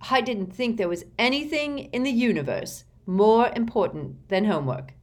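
A woman voices a gloomy teenage boy grumbling in exasperation, using a slightly high, slightly mellow voice with lively intonation at normal speed. It's pitched just above her natural voice while staying close to an everyday one.

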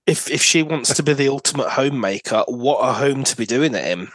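A man's voice: medium pitch, a little fast, fairly bright tone, no room sound. A man in a casual podcast chat who talks freely and asks questions. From United Kingdom. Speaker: podcast co-host.

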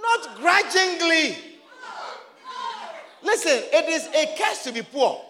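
High-voiced preacher shouting in a reverberant church. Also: male voice, very animated, takes it slowly, a little hiss or hum. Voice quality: emphatic, often shouting and repeating phrases. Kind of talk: sermon.

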